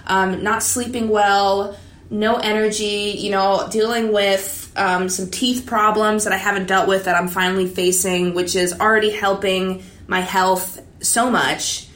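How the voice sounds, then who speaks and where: Brief: woman vlogger, blunt and profane, confiding self-help talk, mid-pitched, roomy echo. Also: fairly bright tone. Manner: blunt, frequent swearing, confiding. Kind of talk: candid motivational talk to camera. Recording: echoey room.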